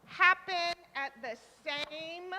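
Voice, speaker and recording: A woman leading a children's time in a church service, asking the children questions and warmly repeating their answers, speaking into a microphone in the sanctuary. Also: extremely high pitch, very slow. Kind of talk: interactive children's talk with questions. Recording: reverberant church hall.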